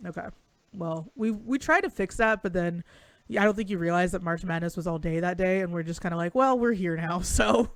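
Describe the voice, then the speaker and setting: A young woman co-hosts a loose sports chat with a bubbly, joking manner, dropping swear words as she goes. Her voice carries a gravelly fry, recorded close and dry. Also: lowish voice, brisk, no room sound. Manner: bubbly, swears casually, laughs often. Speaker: podcast co-host.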